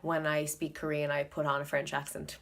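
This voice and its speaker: An Irish woman talks casually to her vlog audience in a low, unhurried voice. She thinks aloud as she goes and repeats words over and over to practise them. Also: completely flat delivery, gravelly. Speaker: video blogger learning Korean.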